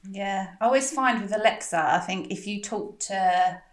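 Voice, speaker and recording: A woman's voice: medium pitch, normal speed. Dry-toned woman, echoey room. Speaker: podcast co-host. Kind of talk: casual chat.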